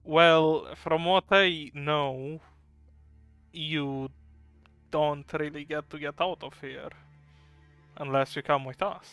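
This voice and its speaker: A man plays his character in a tabletop game with dry, sarcastic remarks. His voice sits a bit high and bright, and he speaks slowly. Faint music runs underneath. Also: steady tone, smooth, no room sound. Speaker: player. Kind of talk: casual tabletop role-play.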